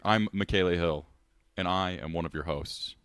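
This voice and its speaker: A man's voice: deep voice, moderate pace, a bit bright, clean tone, no room sound. A man co-hosting a podcast in a studio, with playful, offhand, teasing banter. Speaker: podcast co-host.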